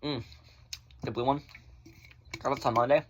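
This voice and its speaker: A man chatting casually in a vlog, rambling through viewer questions and swearing freely, often in fast bursts. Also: mid-range voice, steady tone, slight background noise. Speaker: vlogger answering viewer questions. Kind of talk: casual chat.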